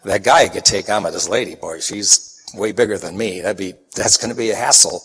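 Guy from chicago preaching, kinda low voice, folksy storytelling, big hall echo. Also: fairly quick, husky. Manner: folksy, animated anecdotes with acted-out quotes. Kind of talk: sermon with storytelling. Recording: long hall reverb.

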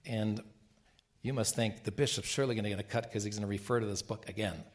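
A man's voice: fairly low pitch, steady tone, fast talker. A man who is a Catholic bishop, telling rambling travel stories in a casual talk with frequent restarts. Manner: rambling anecdotes with laughs and restarts.

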